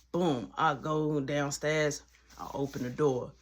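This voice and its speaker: A woman telling a casual storytime, animated and acting out every line of dialogue. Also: deep voice, extremely slow.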